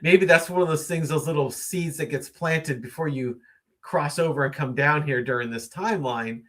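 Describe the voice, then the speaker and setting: A man's voice: on the high side, moderate pace, a bit bright. A man hosting a casual late-night live stream, musing at length with many fillers and reading out viewer comments. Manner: reads viewer comments aloud and greets viewers.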